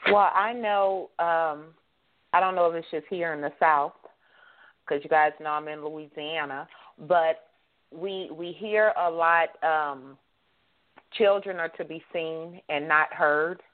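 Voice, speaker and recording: A woman co-host speaks in a relaxed, conversational way and often pauses with fillers. Her voice is low, and the sound comes through a thin, phone-like line. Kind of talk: casual chat.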